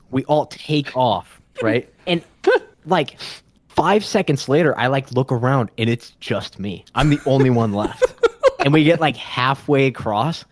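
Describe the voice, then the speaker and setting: A man's voice: medium pitch, no echo. Dry-sounding young man telling a story. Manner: rambling with many fillers and laughs. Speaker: podcast co-host. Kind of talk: casual chat, storytelling.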